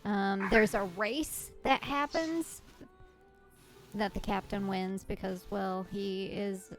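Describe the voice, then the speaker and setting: A woman's voice: mid-range voice, fairly even intonation, takes it slowly, soft background music. A woman recapping a tabletop game in a chatty, giggly way, often interrupting herself.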